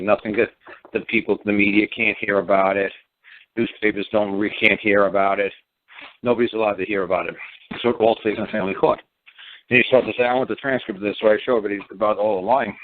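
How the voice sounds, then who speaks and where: A man with a New York accent talking in a blunt, profane, rambling way on a radio call-in show. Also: lowish voice. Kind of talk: casual radio call-in talk. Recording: dry phone-line audio.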